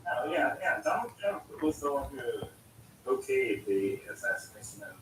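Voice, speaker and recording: A man co-hosting a livestream, chiming in with quick, agreeable remarks in casual chat. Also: medium pitch, very animated, fairly bright tone. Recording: roomy, distant mic with noise.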